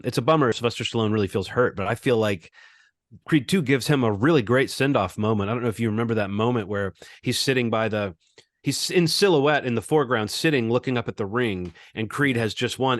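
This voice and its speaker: A man's voice: medium pitch, brisk, no room sound, clean studio sound. A man co-hosting a movie podcast, chatting casually and rambling through his thoughts with many restarts. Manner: rambling, lots of restarts and fillers. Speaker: podcast co-host. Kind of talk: casual movie review chat.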